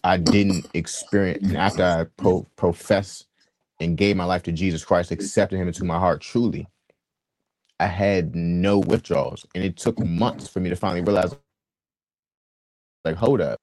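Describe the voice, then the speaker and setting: A man's voice: deep voice, steady tone, moderate pace, darkish tone, no room sound, studio quality. A young man from Washington, D.C., earnestly telling a personal story in casual slang, with frequent restarts. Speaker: guest sharing his testimony.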